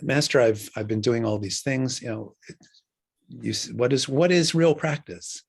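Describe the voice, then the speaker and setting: A perplexed young monk student, eager to please and puzzled, as an older teacher quotes him. The voice sits a little higher than the teller's own low, husky tone and stays plain and unhurried. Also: male voice. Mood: earnest.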